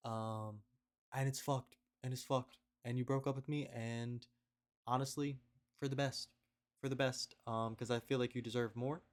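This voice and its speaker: A man's voice: mid-range voice, fairly even intonation, normal speed. Young guy rambling into his webcam at home, confessional diary vibe, keeps trailing off and repeating himself, ordinary mid voice. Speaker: video diarist.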